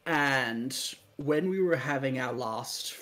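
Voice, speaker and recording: A man's voice: medium pitch, slow pace, a bit bright, faint music behind. A man playing a tabletop game, speaking in character with genteel, rambling, old-fashioned phrasing. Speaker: player voicing an undead noble character. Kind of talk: in-character tabletop role-play.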